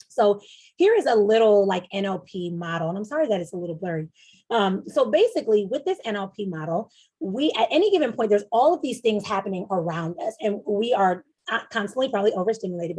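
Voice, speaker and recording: A young adult woman coach walks her listeners through ideas in a loose, conversational way, full of fillers and quick acted-out inner voices. Her voice sits at a middle pitch with a husky edge. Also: a little mellow. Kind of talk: teaching presentation.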